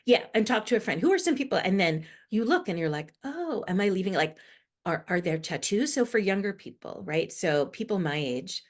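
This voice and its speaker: A woman's voice: lowish voice, normal speed. A middle-aged woman from the United States, a guest expert explaining earnestly in a podcast interview. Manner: earnest, animated explaining with rising emphasis. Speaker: guest expert on inclusive language.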